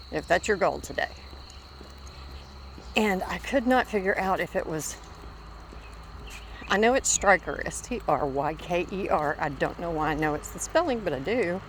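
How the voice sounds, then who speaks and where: Middle-aged lady vlogging on a dog walk outside, lowish voice, rambles and chats to the dog, outdoor noise behind her. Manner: rambling, talks to her dog between thoughts. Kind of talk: casual walking vlog. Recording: clear outdoor background noise.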